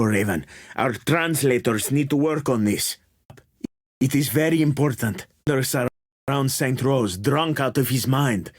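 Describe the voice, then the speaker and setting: A man's voice: medium pitch, no room sound, studio quality, lightly acted. A man voicing a curt colonial officer. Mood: businesslike. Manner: brisk, dismissive, uses Spanish words. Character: curt busy male colonial officer giving pirate tasks. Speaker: game voice actor. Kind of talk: video game voice-over takes.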